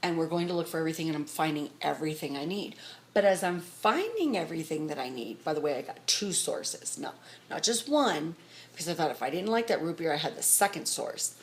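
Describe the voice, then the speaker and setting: A middle-aged woman telling a rambling story to her vlog audience, talking fast and excitedly. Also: deep voice, slight background noise. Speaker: vlogger. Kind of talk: casual storytelling to camera.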